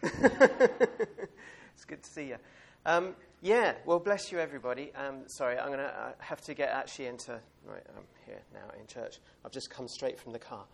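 A man's voice: medium pitch, lively intonation, moderate pace, vocal fry, slightly rough. A man giving an informal sermon in a church, chatty and rambling, with plenty of fillers and light laughs. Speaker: preacher.

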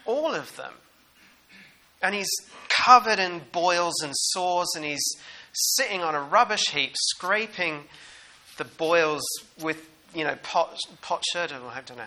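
A New man gives a sermon in a chatty, animated way and often puts questions to his listeners. His voice sits a little high and has a very bright, sharp edge. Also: poor audio. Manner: animated, conversational, asks the congregation questions. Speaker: preacher.

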